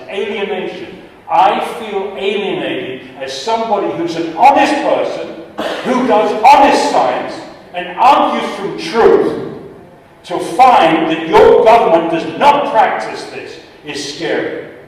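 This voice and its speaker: An older man, a retired chemist, giving an impassioned public talk, repeating words for emphasis and stumbling over his starts. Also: high voice. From United States. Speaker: guest speaker, retired chemist. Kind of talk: public talk with audience questions. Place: large indoor hall. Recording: echoey hall from far off, faint noise.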